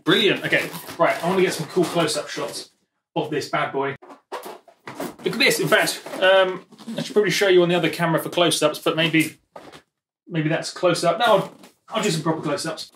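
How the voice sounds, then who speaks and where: A man's voice: a little high, a bit bright, distant mic, a little hiss or hum. A man vlogging in his home music studio, rambling and joking to himself as he unpacks gear. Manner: rambling, self-mocking, talks to himself while handling gear. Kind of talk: casual studio vlog, talking to camera. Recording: echoey room, voice often off-mic.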